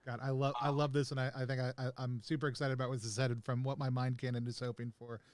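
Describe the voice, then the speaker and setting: A man playing a tabletop game, animated and rambling, laughing often as he describes his character. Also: mid-range voice, quick pace, no room sound. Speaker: player. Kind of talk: tabletop role-play chat.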